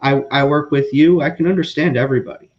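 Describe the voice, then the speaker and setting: A man's voice: fairly high pitch, fast, a little mellow, muffled recording. A man co-hosting a casual video-call chat, agreeable and encouraging.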